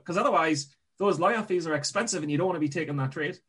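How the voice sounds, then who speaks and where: Emphatic fast-rambling man, trading coach. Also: a little high, a bit bright, husky. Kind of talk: casual podcast chat.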